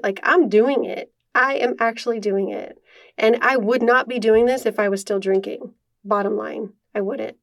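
A woman's voice: fairly high pitch, steady tone, moderate pace. A young woman hosting her own podcast, speaking earnestly and emotionally, full of casual fillers, on a podcast microphone. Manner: heartfelt and earnest, many fillers. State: emotional, near tears. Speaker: podcast host. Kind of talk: personal podcast monologue.

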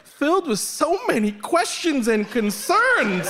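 A man's voice: high voice, very animated, unhurried, over a noisy crowd. A man arguing in a live comedy debate, theatrical and teasing, swinging into frantic bits. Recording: live audience, noisy stage. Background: audience laughter.

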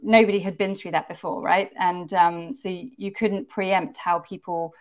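A woman panel guest speaking in a measured, reflective way, often restarting her phrases. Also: fairly low pitch, fairly even intonation. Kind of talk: panel discussion.

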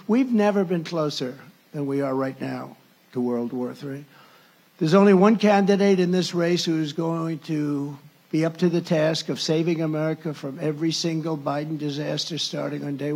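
A man's voice: on the high side, steady tone, moderate pace, a little mellow, husky. A male candidate giving a campaign rally speech, rambling and sarcastic, often breaking off mid-sentence to restart. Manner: rambling, sarcastic, with self-interruptions. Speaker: presidential candidate.

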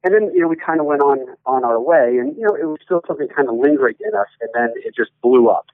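A man who hosts a sports studio show, a guest chatting casually and joking with animated asides. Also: medium pitch, fast, dry recording. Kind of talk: casual interview chat. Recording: tinny phone-like line.

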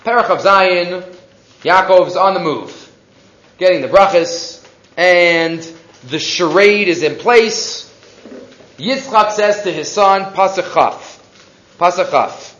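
A man's voice: high-pitched, slow pace, long pauses, a bit bright. A man teaching a Torah class, mixing Hebrew and English and asking rhetorical questions. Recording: echoey, dull lo-fi classroom recording.

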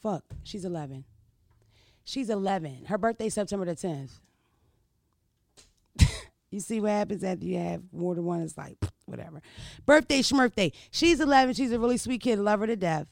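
Blunt, profane woman with a gravelly voice. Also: lowish voice, animated, normal speed, long pauses, warm tone, dry recording, studio quality. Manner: blunt, profane, keeps asking "you know what I mean". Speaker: vlogger. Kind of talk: casual storytelling chat.

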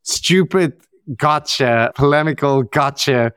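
A man co-hosting a podcast, giving casual, animated commentary on media clips with frequent restarts. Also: a little high, slow pace, smooth, dry recording, clean studio sound. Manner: animated, exasperated critique with restarts. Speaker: podcast co-host.

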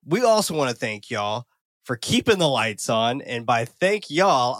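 A man hosts a horror movie podcast in a loose, energetic chat, swearing and laughing freely. His voice sits at a middling pitch. The recording is dry and close. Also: a little slow, dry recording. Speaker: podcast host.

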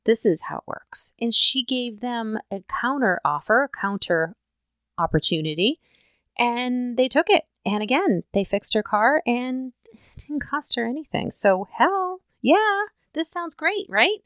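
A woman's voice: on the high side, animated, unhurried, fairly bright tone, no echo, clean studio sound. Emphatic woman giving a casual pep talk. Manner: emphatic, conversational, keeps asking "right?". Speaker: podcast host.

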